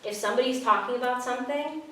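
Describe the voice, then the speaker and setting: A woman's voice: high voice, fast talker, pushed and bright, very echoey, far from the mic, a little hiss or hum, low-quality recording. A young woman telling her own story with frankness and humor, acting out the people in it. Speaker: speaker sharing her story. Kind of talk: personal storytelling talk. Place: talk venue.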